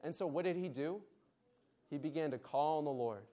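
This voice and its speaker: A man's voice: a little high, a little fast, warm tone. A man speaking at a conference meeting, giving a Bible lesson and leading the audience in call and response. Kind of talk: Bible lesson with group exercise.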